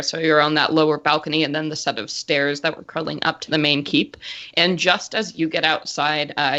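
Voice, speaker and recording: Bright-voiced woman game master. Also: sits low, lo-fi sound. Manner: descriptive, chatty storytelling with many fillers. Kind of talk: narrating a tabletop game.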